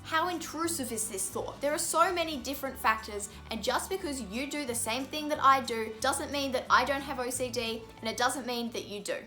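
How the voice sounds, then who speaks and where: A woman's voice: high voice, normal speed, few pauses, bright, forceful tone, soft background music. A young woman vlogging to camera, explaining earnestly and with plain frustration, often stressing words by repeating them.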